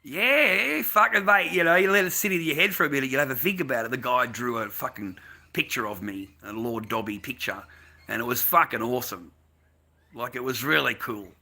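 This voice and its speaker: An Australian mask maker rants and rambles on a live stream from home, swearing constantly and laughing often. His medium-pitched voice is sharp with vocal fry, and he speaks fairly quickly.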